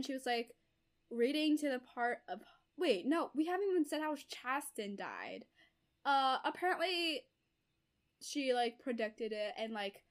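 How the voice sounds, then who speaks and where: Chatty young woman with a high voice. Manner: chatty, full of "like" fillers. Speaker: book discussion co-host. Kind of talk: casual chat.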